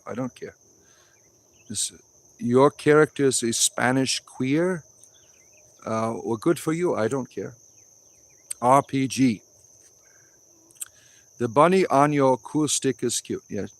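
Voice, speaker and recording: A man in a casual livestream chat, speaking at an ordinary middle pitch. He answers viewers bluntly and offhandedly, slipping into preachy little sermons. He is recorded outdoors in a wooded grove. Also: measured pace, pauses often. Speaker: livestream host reading chat.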